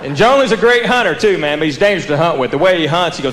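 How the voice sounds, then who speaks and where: A man with a Southern US accent doing stand-up comedy on a club stage, telling stories in a deadpan drawl and acting out the quotes. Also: fairly high pitch, racing, background noise. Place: comedy club stage before a live audience. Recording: roomy live venue with audience laughter.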